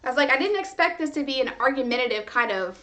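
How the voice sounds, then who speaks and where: A woman's voice: high-pitched, lively intonation, fast, a bit bright. A young woman hosting a podcast, ranting in casual chat, frustrated and swearing freely with lots of "like". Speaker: podcast host. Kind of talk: casual venting monologue.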